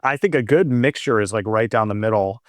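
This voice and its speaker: A man's voice: on the low side, a little fast, no echo, clean studio sound. A man with an American accent co-hosting a podcast, chatting casually and joking through tangents. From United States. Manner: relaxed, rambling, joking with tangents. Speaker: podcast co-host. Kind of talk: casual chat.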